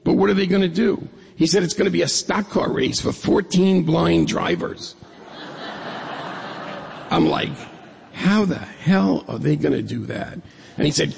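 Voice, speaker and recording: Gravelly middle-aged man telling a story. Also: fairly high pitch, measured pace. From New York State. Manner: humorous, lively storyteller who acts out dialogue. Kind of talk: personal storytelling talk. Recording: echoey hall reverb.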